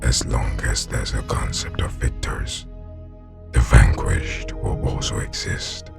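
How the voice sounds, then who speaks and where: A man voicing a menacing male anime villain, calm and bleak, speaking slowly in a low half-whisper. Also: gravelly, over music, heavily acted. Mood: grim. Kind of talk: voice impression.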